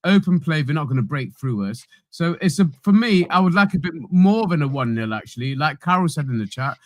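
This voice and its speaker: A man's voice: fairly high pitch, lively intonation, a little fast, no echo. A man on a football fan video call who keeps restarting his point and laughs things off. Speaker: panelist on a fan show. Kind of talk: casual chat.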